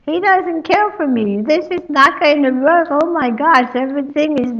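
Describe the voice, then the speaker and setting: A woman playing the first woman of legend, shrill and upset. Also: takes it slowly, vocal fry, recorded from a distance, lo-fi sound, full character voice. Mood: tearful. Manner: shrill, exasperated, then sobbing.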